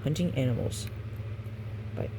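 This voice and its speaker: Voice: unhurried, warm tone, slight background noise. Reader stumbling through a guidebook. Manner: casual, stumbling, self-correcting, chatty asides. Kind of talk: reading a game guidebook aloud.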